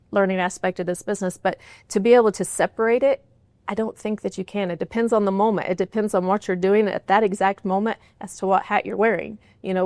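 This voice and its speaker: A woman's voice: medium pitch, darkish tone, dry recording. A middle-aged woman answering interview questions in an earnest, candid way, often saying "you know", in a studio. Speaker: guest, horse trainer's wife and business partner.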